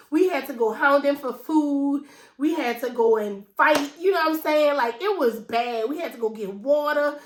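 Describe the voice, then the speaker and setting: A woman in her thirties with a New Orleans accent, telling a personal story to her viewers in an emotional, conversational way. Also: sits high. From New Orleans, USA. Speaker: finance vlogger. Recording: echoey room.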